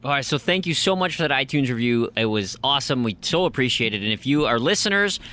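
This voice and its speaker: A man's voice: mid-range voice, animated, quick pace, bright, forceful tone. A man hosting a casual podcast, chatty and joking as he reads out listener reviews and questions. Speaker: podcast host.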